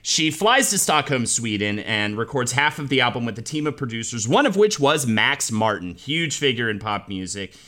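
Lively, bright-voiced male podcast host. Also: medium pitch, moderate pace, few pauses. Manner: lively, jokey storyteller. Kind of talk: casual comedic chat.

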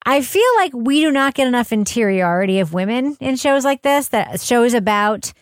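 A woman's voice: fairly high pitch, animated, normal speed, smooth, no room sound, clean studio sound. A woman co-hosting a podcast, talking frankly and casually and swearing now and then. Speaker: podcast co-host.

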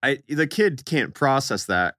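Young guy on a podcast, super animated storytelling, bouncy voice, dry close mic. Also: mid-range voice, a little slow, dry recording. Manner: animated storyteller acting out quoted people. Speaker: podcast co-host. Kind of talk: casual podcast chat, storytelling.

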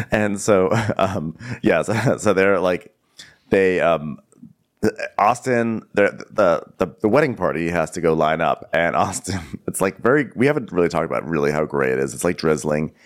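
Guy with a low voice, laughing through a tv recap, does silly voices. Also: animated, a little slow. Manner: giggly, acts out voices of people he retells. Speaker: podcast co-host. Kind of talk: casual chat recapping a reality show.

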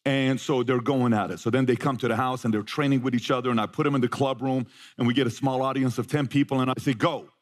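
A man's voice: mid-range voice, steady tone, fast talker, hardly any pauses. Man telling a story to a live crowd. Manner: storytelling, asks the crowd questions, acts out his sons' voices. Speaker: motivational speaker. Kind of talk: live motivational talk to an audience.

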